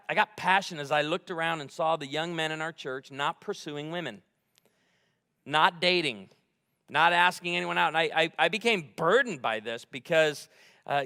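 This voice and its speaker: A man preaching a sermon as pastor, animated and fired up, telling humorous stories from a church stage. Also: a little high. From United States. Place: large church sanctuary. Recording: long hall reverb.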